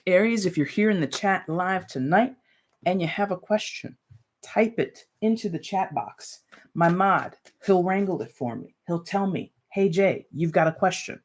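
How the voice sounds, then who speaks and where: A tarot reader hosting a relaxed live stream, chatting to viewers as if they were friends. The talk is loose and rambling, full of "like" and "you know", with small laughs mixed in between card readings. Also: medium pitch, measured pace. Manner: talks straight to viewers with light laughs.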